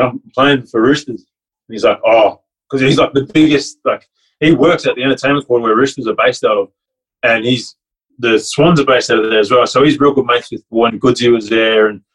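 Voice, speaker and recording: A man's voice: medium pitch, steady tone, moderate pace, a bit bright, breathy edge, low-quality recording. A young man, a rugby league player and coach, telling a heartfelt, rambling story in casual chat. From Fiji. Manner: rambling and heartfelt, many restarts and "like".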